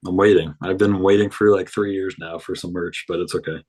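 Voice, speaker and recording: Low-voiced young man, easygoing. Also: brisk, rough recording. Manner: easygoing, relaxed rambling. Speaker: hockey player guest. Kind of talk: casual interview chat.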